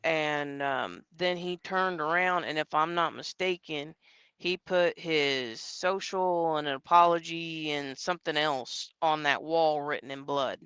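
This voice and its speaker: A man's voice: on the high side, unhurried, fairly bright tone, smooth, dry recording. A man, a psychic medium guest, telling a story in a casual, rambling way, with lots of fillers and quoted dialogue.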